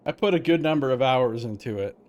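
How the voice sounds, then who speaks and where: A young man casually commentating a live-streamed game and chatting with viewers, relaxed and rambling. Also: mid-range voice, fairly quick.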